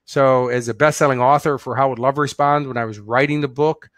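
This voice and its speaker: A man's voice: mid-range voice, steady tone, a little fast, a bit bright, no echo. A middle-aged man giving a casual motivational webinar as a business coach, talking earnestly and telling stories with plenty of fillers. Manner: conversational, earnest, storytelling with fillers.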